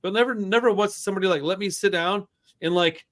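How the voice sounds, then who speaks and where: Animated, foul-mouthed man telling stories. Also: sits high, quick pace. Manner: loose, profane, animated storyteller. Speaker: podcast host. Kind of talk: casual storytelling chat.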